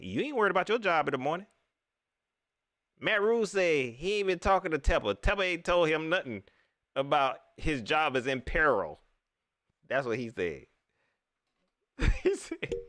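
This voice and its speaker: Guy ranting on his fan livestream, pitch jumping all over, a bit high, dry close sound. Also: moderate pace, no echo. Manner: animated, repeats phrases, laughs often. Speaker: sports fan show host. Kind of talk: casual live-stream sports talk.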